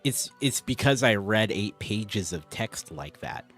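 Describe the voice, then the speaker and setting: A man's voice: lowish voice, animated, measured pace, fairly bright tone, faint music behind. A man chatting casually on a live stream, rambling as he answers viewers' chat.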